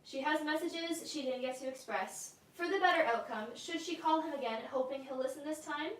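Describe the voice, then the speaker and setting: A woman with a high voice reads out viewers' questions at a brisk clip. She sits some distance from the microphone, and the room adds a noticeable echo. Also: a bit bright. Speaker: co-host reading viewer questions. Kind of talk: reading questions aloud.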